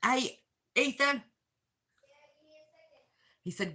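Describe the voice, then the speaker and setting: A woman's voice: fairly low pitch, lively intonation, unhurried, sharp tone. A woman, chatting emotionally with viewers on her livestream. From West Virginia. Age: 60s. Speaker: channel host. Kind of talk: casual livestream chat. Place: apartment.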